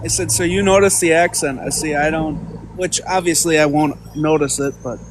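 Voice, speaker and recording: A fairly high-voiced man chiming in on a casual live chat. He drops dry one-liners. Steady noise fills the background. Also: moderate pace. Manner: dry joking.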